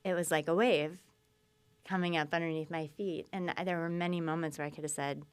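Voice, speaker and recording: A woman guest telling her story in conversation, lively and acting out quoted speech. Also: low-pitched, fairly quick, clear, resonant tone. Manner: animated, acts out quoted speech.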